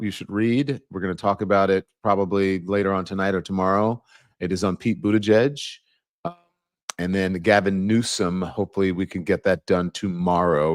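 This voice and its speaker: Guy hosting a livestream, low voice, dry close sound, chatty and a bit outraged. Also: no echo. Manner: conversational, rambling, indignant. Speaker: host. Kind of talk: livestream commentary.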